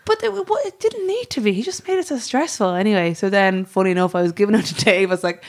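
A woman's voice: medium pitch, expressive, fast talker, hardly any pauses, a little mellow. A young Irish woman, a podcast co-host, telling stories in casual chat and swearing freely. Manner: chatty storyteller, swears freely.

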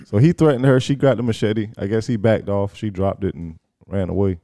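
A man's voice: on the low side, fairly quick, mellow, dry recording, studio quality. A man reading out news stories to friends in a laid-back group chat. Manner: reads headlines aloud, laid-back.

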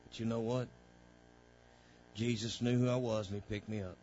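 A man preaching a sermon as pastor, calling out to the congregation and swelling into fervent, loud passages. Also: on the low side, little pitch movement, moderate pace, lo-fi sound, slight background noise. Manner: preaching with call-outs to the congregation, rising to loud fervor.

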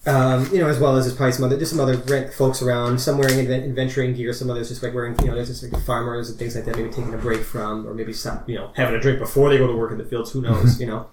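A man's voice: mid-range voice, little pitch movement, very fast, few pauses, a little mellow. Rambling man game master, roomy echo. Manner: rambling, filler-heavy, laughing. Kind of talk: narrating a tabletop game. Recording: roomy echo, faint noise.

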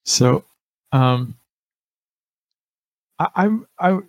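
Animated man with a lively voice. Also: mid-range voice, extremely slow, no echo. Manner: animated, questioning, stumbles into restarts. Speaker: player. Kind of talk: tabletop game play over voice chat.

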